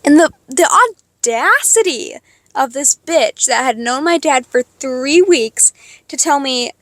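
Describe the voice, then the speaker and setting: An eighteen-year-old woman venting to her followers in a profane, sarcastic rant, jumping between loud outbursts and quiet mutters. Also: high voice, moderate pace, no echo. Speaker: vlogger. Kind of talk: venting to camera.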